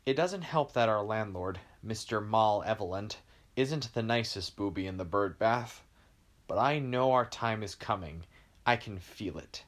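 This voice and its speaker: A man reads a first-person storybook prologue in a lowish voice. He keeps an unhurried, calm pace, as if telling the story to a listener.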